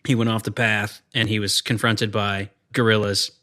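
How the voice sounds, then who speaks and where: A man's voice: on the low side, level tone, normal speed, sharp tone. A man co-hosting a movie podcast, talking casually with sarcastic, exasperated complaints. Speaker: podcast co-host. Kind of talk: casual movie review chat.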